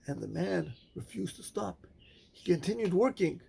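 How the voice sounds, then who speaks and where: A male rabbi giving a sermon, telling a story with measured, dramatic pauses. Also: high-pitched, very animated, creaky, darkish tone, breathy edge.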